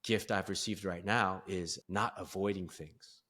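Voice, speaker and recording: A man's voice: sits low, fairly even intonation, measured pace, pushed and bright. A man guesting on a podcast, telling a personal story in an earnest, openly vulnerable way and laughing at himself now and then. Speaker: podcast guest, performance coach. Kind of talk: candid conversational storytelling.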